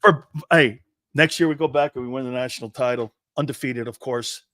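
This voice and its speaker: An older man, a former college football player, co-hosting a sports talk show and telling stories with loud acted-out quotes and plenty of swearing. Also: mid-range voice, a little fast, no room sound. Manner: excitable, profane, acts out quotes loudly. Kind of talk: animated sports talk and storytelling.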